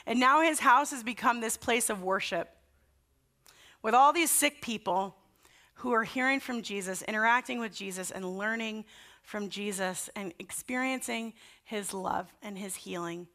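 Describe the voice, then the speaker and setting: Bright-voiced woman pastor preaching casually. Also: a little high, normal speed. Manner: warm anecdotal storytelling with casual fillers. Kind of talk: conversational sermon.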